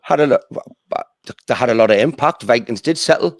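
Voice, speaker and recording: A man's voice: medium pitch, lively intonation, brisk, no echo. A British man in a heated casual debate, combative and mocking, swearing freely. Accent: British English. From United Kingdom.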